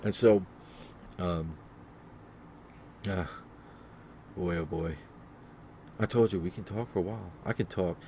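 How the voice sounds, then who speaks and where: Low, dark-voiced man rambling solo. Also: unhurried, long pauses, a little hiss or hum. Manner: rambling and repetitive, many fillers. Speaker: podcast host. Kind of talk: solo casual podcast monologue.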